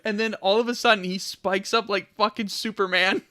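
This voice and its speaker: Young male podcast co-host, high bright voice, animated retelling with lots of laughter. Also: moderate pace. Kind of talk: casual storytelling chat. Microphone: podcast mic.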